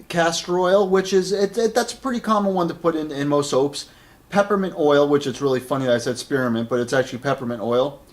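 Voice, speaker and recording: A man's voice: on the high side, fairly quick. A man in his late thirties giving a casual spoken product review, rambling, with many fillers and repeated words, friendly and enthusiastic. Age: 30s.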